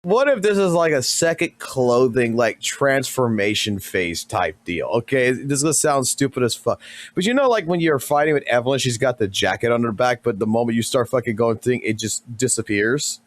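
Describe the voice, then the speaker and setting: A man streaming, giving casual reaction commentary in a rambling, profane, excitable way. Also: medium pitch, normal speed.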